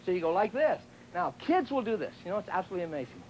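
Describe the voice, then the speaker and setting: A man's voice: high voice, big pitch swings, racing, a little mellow, slight background noise, rough recording. A man teaching tennis on a TV show in a chatty, joking way, sometimes acting out what his students say. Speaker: tennis instructor. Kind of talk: televised tennis lesson.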